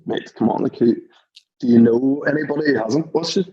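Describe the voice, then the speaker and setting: Guest: relaxed Northern Irish man in his thirties, raspy tone, tells stories with a laugh, muffled low-fi sound. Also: a little fast. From Northern Ireland. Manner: chuckling anecdotal storyteller. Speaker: podcast guest. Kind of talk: casual chat.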